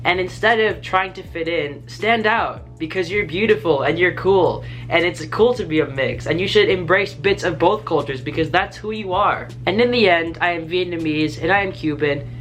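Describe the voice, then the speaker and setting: Bright-voiced, enthusiastic American man vlogging. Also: sits high, moderate pace, few pauses, faint music behind. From United States. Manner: enthusiastic, rambling, restarts and "like" fillers. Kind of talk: casual talking-to-camera vlog.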